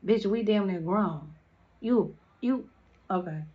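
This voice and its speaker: A woman's voice: medium pitch, slow, highs cut off. A young woman chatting through a storytime in a casual, slangy way, with lots of "like" fillers.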